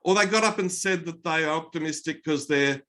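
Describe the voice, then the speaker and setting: A man's voice: fairly high pitch, fairly quick. An Australian man giving a motivational keynote talk, telling stories with energy. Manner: energetic anecdotal storytelling. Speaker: keynote speaker.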